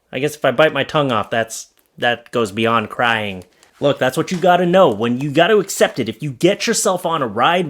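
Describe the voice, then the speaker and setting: A man in his thirties giving jokey, sarcastic commentary on bad advertising signs, talking straight to viewers. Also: fairly high pitch. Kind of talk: comedic commentary on funny signs.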